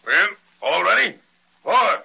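A man's voice: high voice, big pitch swings, unhurried, sharp tone, full character voice. An actor playing a boisterous, bossy male pirate mate who barks orders and jeers, in old-time radio drama style. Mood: jeering. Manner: gruff, mocking, barks orders with laughs. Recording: dull old recording with noise.

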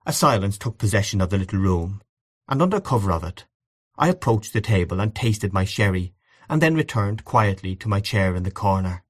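A man narrating a literary short story as an audiobook, in a measured, storytelling manner. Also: lowish voice, sing-song.

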